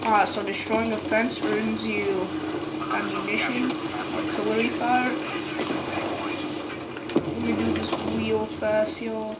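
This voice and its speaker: Brief: woman gamer, unhurried commentary, higher voice, game noise behind. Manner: chatty, excitable outbursts, says "y'all" and "bro". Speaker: gaming video creator. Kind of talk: casual gameplay commentary. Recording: noticeable background noise with game sounds.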